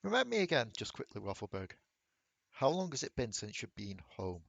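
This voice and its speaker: A man as game master, narrating a tabletop game in steady, descriptive terms. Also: mid-range voice, a little fast, gravelly, no room sound, lo-fi sound.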